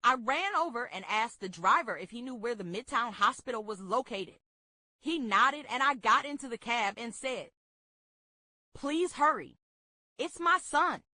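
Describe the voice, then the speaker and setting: Woman, book club reader, memoir read aloud, expressive, dry close sound. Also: a little high, moderate pace, no echo.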